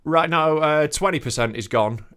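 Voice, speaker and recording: A man's voice: on the high side, moderate pace, fairly bright tone, clean tone. A man, co-hosting a comedy podcast, arguing his points and needling his friend with dry sarcasm. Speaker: podcast co-host. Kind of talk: casual comedic banter.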